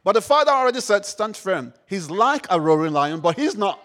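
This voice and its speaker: A man preaching a sermon, repeating phrases, firing questions at the congregation and rising to shouts. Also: high voice, big pitch swings, fairly quick. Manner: call-and-response, repeats phrases, rises to shouts; rhetorical questions to the audience.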